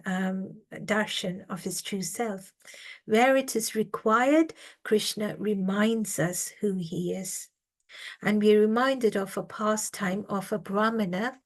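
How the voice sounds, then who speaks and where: A woman leading a reflective scripture reading, telling a devotional story in a gentle, halting way with many fillers. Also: mid-range voice. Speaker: scripture class speaker.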